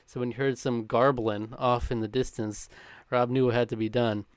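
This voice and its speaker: A man's voice: medium pitch, flat delivery, smooth, no echo. A man co-hosting a podcast, reading a countdown script with a chuckle now and then, mixed with casual chat. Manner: brisk, chuckling between lines.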